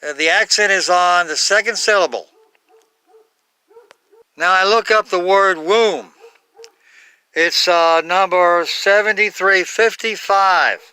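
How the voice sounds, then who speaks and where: A man giving an unscripted Bible talk, halting, with many fillers and self-corrections. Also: high voice, bright, forceful tone, clear, resonant tone, no room sound. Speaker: Bible teacher.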